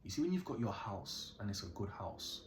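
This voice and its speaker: A man's voice: lowish voice, fairly quick, a little hiss or hum. A young man from the Caribbean telling a true story casually, checking in with "yeah?" and drawing moral lessons. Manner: animated, keeps asking "yeah?", moralizing. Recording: echoey room.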